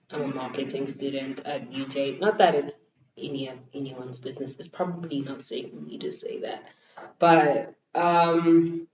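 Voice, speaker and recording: A woman's voice: deep voice, a little mellow. A young woman hosting her podcast in a hesitant, wry way, with many fillers. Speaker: podcast host. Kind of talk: casual podcast intro. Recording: roomy, distant, muffled home recording.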